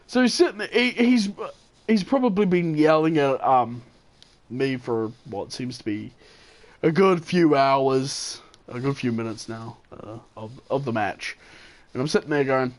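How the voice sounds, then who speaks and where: A New Zealander who hosts a gaming channel speaks at medium pitch and an unhurried pace, casually telling a meandering gameplay story while he chuckles and corrects himself.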